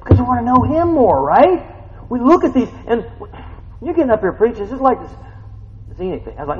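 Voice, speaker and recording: A man's voice: very high-pitched, very animated, fast talker, long pauses. A man preaching a casual, story-driven sermon, full of rhetorical questions and folksy asides. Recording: muffled sound with long hall reverb.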